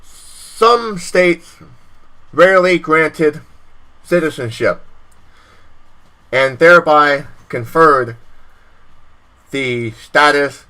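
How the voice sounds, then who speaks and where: A bright, forceful young man's voice, slightly higher than most men's. He hosts a live stream, swearing freely and repeating himself, then slows into reading text aloud and trips over longer words. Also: low-quality recording. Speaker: stream host. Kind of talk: heated political rant and reading aloud.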